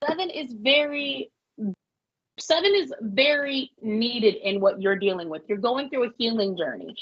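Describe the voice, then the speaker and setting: A woman from Pennsylvania giving a folksy, reassuring live tarot reading, calling listeners honey and love. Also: husky. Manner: folksy, reassuring, laughs often. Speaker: psychic reader. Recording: muffled low-fi audio.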